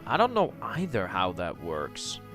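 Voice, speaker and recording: A young man from the Netherlands hosts his own game livestream at an unhurried, drawn-out pace. He talks casually, trailing off mid-sentence and restarting as he tinkers with his setup. Faint game music plays underneath his voice. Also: sits low, huge pitch swings, a bit bright. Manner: rambling, trails off and restarts while fiddling with settings. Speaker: gaming streamer.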